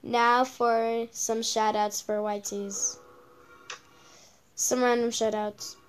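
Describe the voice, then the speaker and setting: A woman's voice: a little high, level tone, takes it slowly, soft background music. A female channel host giving casual reaction commentary on videos, rambling with lots of repeated okays and ums.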